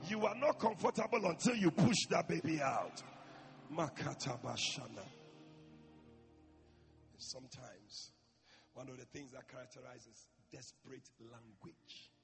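Male preacher, high gravelly voice, impassioned and repetitive, recorded with a long church echo. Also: measured pace, pauses often, faint music behind. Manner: swings between shouting and hushed speech; repeats phrases for emphasis. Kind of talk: impassioned sermon.

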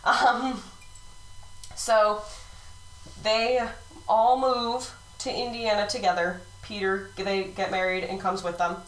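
A woman's voice: medium pitch, level tone, slow pace, pauses often, fairly bright tone. A woman co-hosting a casual true-crime podcast, giggling often and losing her place in her notes. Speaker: podcast co-host. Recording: roomy, distant mic.

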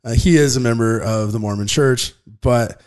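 A man's voice: medium pitch, normal speed, darkish tone. A man in his thirties, a father co-hosting a podcast, talking earnestly and rambling with frequent restarts. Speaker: podcast co-host. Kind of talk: casual podcast chat.

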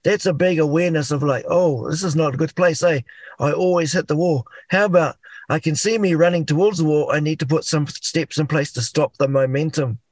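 A middle-aged man with a New Zealand accent, a guest talking in an animated way and acting out inner voices. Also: fairly high pitch, a little fast, no room sound. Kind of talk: casual chat.

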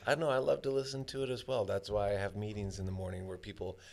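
A man talking in a casual conversation, halting and full of fillers as he shares personal stories. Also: on the low side, steady tone, vocal fry, darkish tone.

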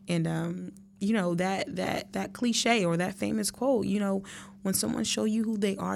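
A woman's voice: medium pitch, steady tone, normal speed, creaky, darkish tone, slight background noise. A woman in her thirties, hosting her podcast, tells a personal story in an earnest, emotional way and speaks straight to her listeners. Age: 30s. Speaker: podcast host.

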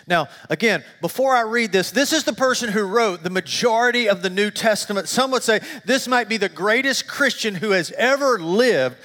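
A middle-aged male pastor preaches in a church sanctuary, his slightly high voice carrying a long reverb. He speaks at normal speed with few pauses, telling stories with animated, self-deprecating humor and going quiet and low for confessional stretches of the sermon.

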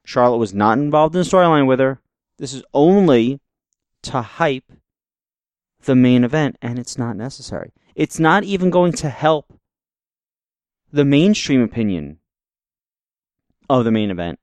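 A man's voice: medium pitch, animated, normal speed, pauses often, clean tone, dry recording. A man co-hosting a wrestling podcast, ranting sarcastically in casual chat and swearing freely. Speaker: podcast co-host.

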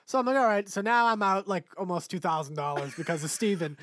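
A young man with a fairly high voice chats on a podcast, swearing freely and slipping into the voices of the people in his stories. The sound is dry and close to the mic. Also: lively intonation, fast talker, fairly bright tone, no room sound. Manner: profane storyteller, acts out quotes. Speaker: podcast co-host. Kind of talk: casual chat. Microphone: desk mic on camera.

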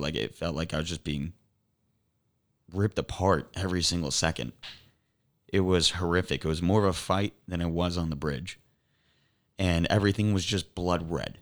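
A young man, a podcast guest, earnestly retelling a near-death experience, halting and restarting often. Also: sits low. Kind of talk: emotional personal storytelling.

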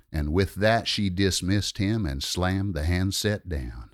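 A man's voice: low-pitched, takes it slowly, hardly any pauses, no echo, clean studio sound. A man reciting a rhyming narrative poem as a storyteller, with a wry, rhythmic delivery.

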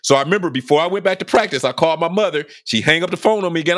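A man telling a personal story on a podcast in a casual, animated way, repeating phrases for emphasis and acting out what people said. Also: fairly high pitch, racing, no room sound, clean studio sound. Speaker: podcast speaker telling his life story.

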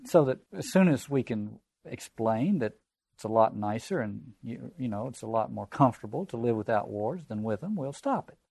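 A man's voice: mid-range voice, lively intonation, moderate pace, gravelly, a little mellow, slightly rough, no room sound. Guy lecturing on a novel, thoughtful and rambly, dry close sound. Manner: reflective, digressive, conversational asides. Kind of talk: literature lecture with read-aloud passages.

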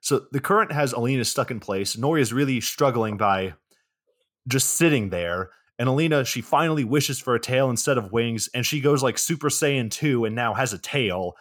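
A man co-hosting a podcast, recapping a movie in a deadpan, sarcastic way and swearing often. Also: medium pitch, normal speed, dry recording, studio quality. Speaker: podcast co-host.

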